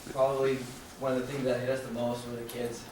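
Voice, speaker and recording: A man's voice: mid-range voice, fast talker. Young male student presenter, rambling casual delivery, distant mic, very echoey room, faint background hum. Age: young adult. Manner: relaxed, rambling, many fillers and restarts.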